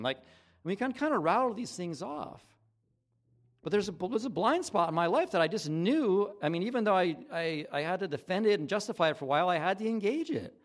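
A middle-aged man delivers a conversational sermon, his fairly high voice swinging widely up and down. He talks it through casually, acting out the dialogue in the stories he tells. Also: very animated, a little fast. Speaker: pastor.

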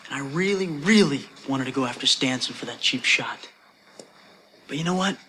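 An actor playing an adult male hockey coach in a film scene, giving his team a steady, earnest pep talk. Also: medium pitch, moderate pace, a little hiss or hum. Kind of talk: film scene played on a podcast.

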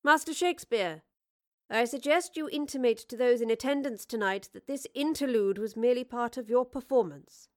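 A woman's voice: on the high side, normal speed, darkish tone, voice pushed up, close to an everyday voice. A woman voicing a gracious, commanding older queen who speaks in a formal, regal way.

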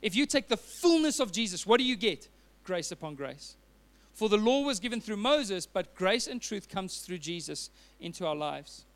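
A man's voice: high-pitched, very animated, moderate pace, fairly bright tone. A man preaching a sermon as a pastor, telling a personal story with earnest fillers and restarts.

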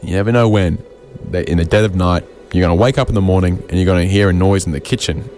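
A man doing an absurd stand-up set, rambling and deadpan, often interrupting himself. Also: low-pitched, fast talker, faint music behind. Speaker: stand-up comedian.

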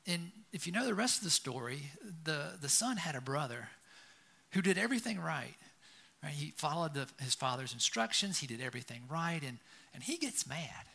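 Pastor guy, kinda high bright voice, chatty sermon, keeps going "right?". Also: big pitch swings, normal speed, gravelly. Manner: storytelling, keeps asking "right?". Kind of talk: conversational sermon.

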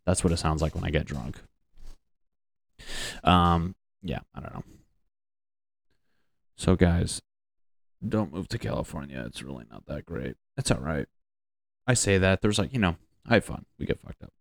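Deep-voiced young man from Connecticut, rambling. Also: lively intonation, measured pace, vocal fry, long pauses, dry recording, studio quality. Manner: profane, joking, meandering. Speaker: vlogger. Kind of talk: rambling casual monologue.

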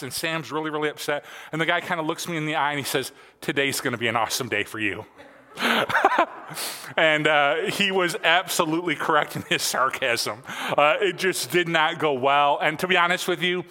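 A man's voice: a little high, bright, forceful tone, in a large hall. A man in his forties preaching a sermon in a church, telling stories casually with lots of fillers. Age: 40s. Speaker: pastor. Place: church sanctuary.

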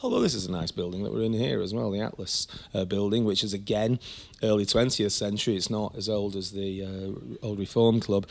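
A man's voice: fairly low pitch, a little fast, gravelly, a little mellow. A man, a tour guide talking eagerly about local buildings with many restarts. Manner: enthusiastic, rambling with many restarts. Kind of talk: conversational architectural history chat.

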